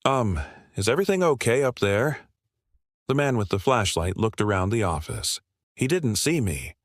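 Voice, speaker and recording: A man narrating a scripted first-person horror story in a measured, even delivery. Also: fairly low pitch, no room sound, studio quality.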